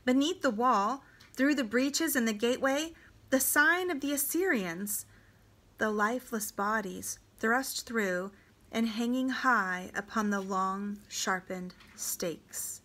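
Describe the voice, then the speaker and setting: Woman reader for a student audiobook; slow, dramatic, deliberate narration. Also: on the high side, animated, bright, forceful tone. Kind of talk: reading a novel aloud.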